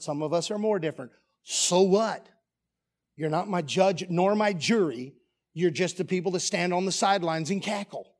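A man's voice: sits high, normal speed, a little mellow. A man preaching a sermon as pastor, pressing the congregation with emphatic rhetorical questions in a church. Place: church sanctuary.

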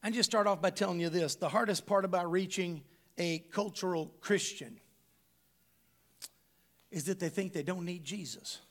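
A man's voice: high voice, moderate pace, long pauses, fairly bright tone. A middle-aged male pastor preaching a sermon, emphatic and conversational, full of rhetorical questions to the congregation.

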